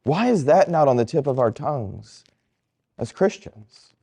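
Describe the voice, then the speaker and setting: Priest, male, delivering a homily; storyteller who swoops through his pitch and does the voices of the people in his anecdotes. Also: unhurried, creaky, husky. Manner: animated storytelling, acting out quoted people. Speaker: Catholic priest.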